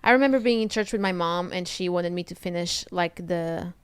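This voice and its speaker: A woman with a Portuguese accent, a native Portuguese speaker, guesting on a podcast and telling stories in an animated, candid way with crude humor. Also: fairly low pitch, brisk, smooth, no echo. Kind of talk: casual storytelling chat.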